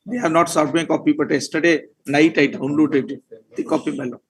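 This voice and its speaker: Hurried husky Indian English lawyer. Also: male voice, fairly high pitch, fairly even intonation. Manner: hurried, pleading. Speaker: petitioner's advocate. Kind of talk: courtroom exchange. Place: courtroom.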